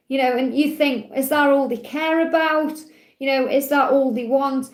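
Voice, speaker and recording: Gentle high-voiced woman reading cards. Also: reverberant. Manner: gentle, affirming, reads card phrases aloud. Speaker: tarot and oracle card reader. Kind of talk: live oracle card walkthrough.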